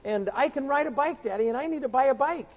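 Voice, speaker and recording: Excited six-year-old boy played by a man in a sermon story, high and eager, long hall reverb. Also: fast talker.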